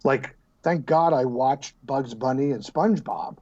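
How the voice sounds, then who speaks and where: A man in his fifties chats as a podcast guest. His voice sits in a middle pitch and he tells stories with lively, joking energy, often restarting his sentences. The audio is somewhat dull and muffled. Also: unhurried, a little hiss or hum. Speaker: actor guest. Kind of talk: casual podcast interview.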